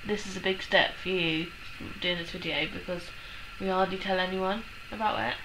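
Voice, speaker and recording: A woman, the vlogger's wife, chatting casually and gently prompting him. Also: fairly low pitch, steady tone, moderate pace, noisy background. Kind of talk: casual chat.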